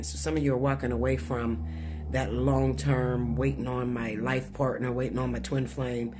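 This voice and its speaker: A man reads tarot cards in a loose, chatty way. He talks bluntly, swears freely and laughs often. He speaks at an everyday middle pitch from his living room at home. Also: darkish tone, a little hiss or hum. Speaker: tarot reader. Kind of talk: casual weekly tarot reading.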